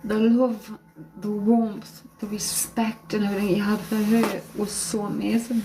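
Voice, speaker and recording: A woman working as a psychic medium on a live stream, tearful and emotional, talking in halting phrases broken by sighs. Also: medium pitch, flat delivery, music in the background, poor audio. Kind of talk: live-stream spirit reading. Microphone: phone or webcam on a live stream.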